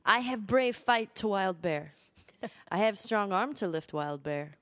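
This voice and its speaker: A woman's voice: medium pitch, animated, no echo, pitched below the performer's own voice, lightly acted. A woman putting on an eager Korean-accented young man. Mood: earnest. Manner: halting broken English, formal letter reading. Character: earnest young male job applicant, eager.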